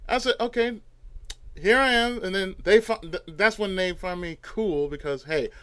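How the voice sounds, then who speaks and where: A young man co-hosting a casual podcast chat, telling rambling, animated anecdotes and acting out the voices of the people in them. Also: sits high, moderate pace, clear, resonant tone. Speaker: podcast co-host.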